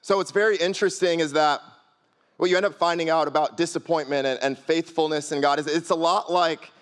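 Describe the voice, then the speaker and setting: A man's voice: a little high, fairly even intonation, brisk, clean tone. A young man preaching a youth sermon in a loose, conversational way, full of "like" and repeated phrases. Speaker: youth pastor.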